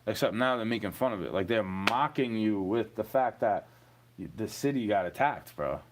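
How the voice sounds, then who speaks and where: A man's voice: fairly low pitch, expressive, moderate pace, noisy background. A man in his thirties from New York City, ranting in a rambling, profane monologue and chuckling between points.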